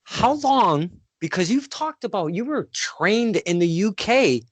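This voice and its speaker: A man's voice: sits high, big pitch swings, a little slow, no echo. A man hosting an interview over a video call, rambling and self-deprecating in his questions. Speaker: interviewer and host. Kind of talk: casual interview.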